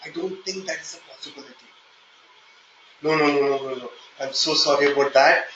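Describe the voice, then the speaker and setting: A man with an Indian accent teaching a live online software testing class, explaining step by step and checking in with "okay?". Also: on the high side, fairly quick, reverberant, dull audio, slight background noise. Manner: explanatory, repeats "okay?" often, hesitant fillers when flustered. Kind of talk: live online training session.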